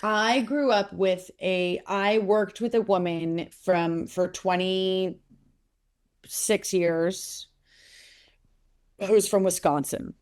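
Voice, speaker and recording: A woman's voice: mid-range voice, slow. A woman in her forties, an actress telling stories in an interview, rambling and correcting herself as she goes. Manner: rambling, self-interrupting, animated storytelling. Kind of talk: casual interview talk.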